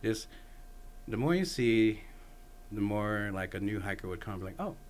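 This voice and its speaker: A man's voice: on the low side, lively intonation, unhurried, a little hiss or hum. A man from Texas, a podcast guest, telling stories in a laid-back, casual way, swearing freely and laughing often. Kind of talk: casual conversation.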